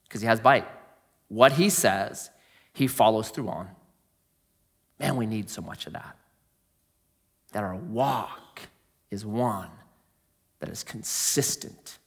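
A man preaching a sermon in a conversational way, asking rhetorical questions and swinging from loud emphasis to quiet asides. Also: slow pace, vocal fry, pauses often, breathy edge. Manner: swings between booming emphasis and hushed, low asides. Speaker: pastor.

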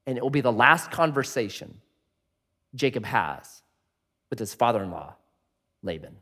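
Animated male preacher in a reverberant hall. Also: mid-range voice, normal speed. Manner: animated preaching, swings from loud to hushed. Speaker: pastor. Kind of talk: sermon.

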